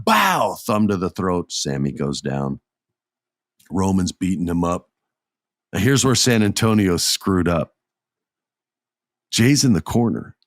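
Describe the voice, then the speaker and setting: A man in his thirties hosting a solo podcast, telling a story excitedly and acting out quotes. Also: low-pitched, dry recording, clean studio sound. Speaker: podcast host.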